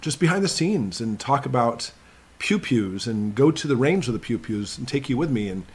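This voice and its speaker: A man's voice: medium pitch, expressive, normal speed. A man hosting a casual live stream Q&A, reading viewers' names off his computer and greeting each one in an upbeat, chatty way.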